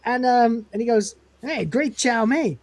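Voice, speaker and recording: A woman's voice: on the high side, measured pace, darkish tone, dry recording. A woman co-hosting a casual review chat who retells scenes, quoting the lines in character and laughing often. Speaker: podcast co-host reviewing episodes.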